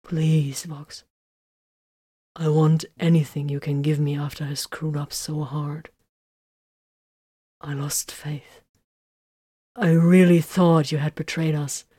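A woman reading a story, voicing a remorseful wounded male soldier who pleads in halting, apologetic words. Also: deep voice, level tone, warm tone, slightly rough, no echo, studio quality, heavily acted. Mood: pleading.

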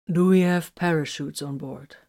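Woman voicing a calm, dutiful male tech marine. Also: sits low, normal speed. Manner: calm, matter-of-fact.

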